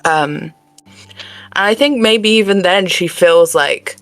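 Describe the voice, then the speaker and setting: A player in a tabletop game who talks in a casual, animated way and rambles with a lot of "like". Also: mid-range voice, slow pace, dry recording, faint music behind. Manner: animated, rambling, laughing often.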